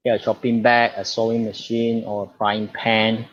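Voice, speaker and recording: A man's voice: fairly low pitch, flat delivery, normal speed. A man with a Malaysian accent teaching an online English lesson, patiently repeating key words and saying "okay" often. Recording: dull lo-fi audio.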